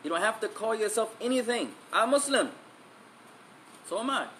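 A man's voice: high-pitched, lively intonation, normal speed, bright, forceful tone, slight background noise. A man giving an emphatic religious lesson, repeating key phrases and switching between English and Arabic. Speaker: Islamic teacher.

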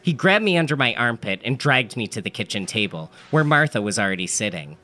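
A man's voice: medium pitch, sing-song, brisk, sharp tone, faint music behind. A man telling an absurd comedic story in a dry, matter-of-fact manner. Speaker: narrator.

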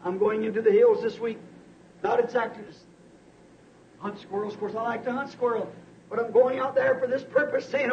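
A male preacher delivering a sermon, telling a story with many repeated "said"s and swinging from hushed tones to shouts. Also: high voice, moderate pace. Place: church service. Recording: dull lo-fi archive tape with faint hiss.

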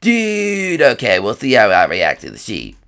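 A man voicing an excitable young male dinosaur in a comedic game role-play, shouting "dude" in a high, bursting voice. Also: a little slow, full character voice. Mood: excited.

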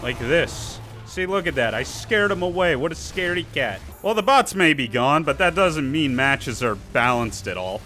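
Bright and forceful, a young man's higher voice is very animated as he comments on his gameplay at a moderate pace, barely pausing. This YouTuber jokes around and talks to enemy players, with faint music in the background.

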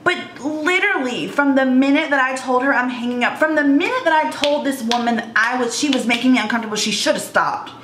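A woman's voice: high voice, fast talker, hardly any pauses, reverberant, background noise. A woman in her thirties telling an earnest, emotional storytime vlog about her own experience. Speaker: vlogger.

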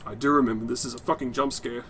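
A man's voice: mid-range voice, steady tone, fast talker, fairly bright tone, slight background noise. A young adult man giving rambling, sweary let's-play commentary, laughing often. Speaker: game streamer.

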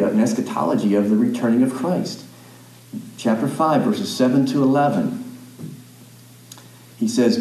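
A man's voice: medium pitch, mellow, roomy sound, poor audio. A man preaching a sermon as a pastor, reading scripture aloud and explaining it plainly, with small restarts and asides. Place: church sanctuary.

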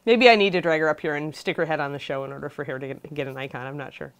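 A woman's voice: low voice, steady tone, racing. A woman casually hosting a livestream, chatting and greeting viewers by name. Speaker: host of a miniature painting livestream.

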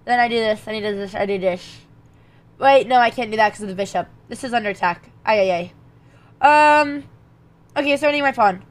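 Her mid-range voice moves briskly as this young woman streams an online chess game and thinks aloud. She mutters through calculations before breaking into animated exchanges with her audience.

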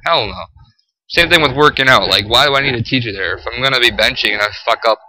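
A teenage high school boy ranting to camera, profane and exasperated, full of "like" and "freaking". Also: fast talker, sharp tone, slight background noise, low-quality recording. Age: teens. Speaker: high school student vlogger.

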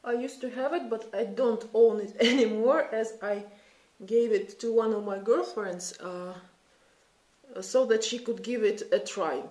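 A beauty vlogger in her thirties with a Russian accent chats and thinks aloud during a casual makeup tutorial, recorded in an echoey room. Her voice is on the high side, darkish and a little slow, with fairly even intonation.

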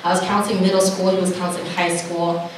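A woman's voice: lowish voice, flat delivery, fast talker. Young woman giving a heartfelt testimony from a stage, caught from far off in a reverberant hall. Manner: earnest storytelling with laughs and acted-out dialogue. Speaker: camp speaker. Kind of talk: personal testimony message. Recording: echoey hall from far off, noisy.

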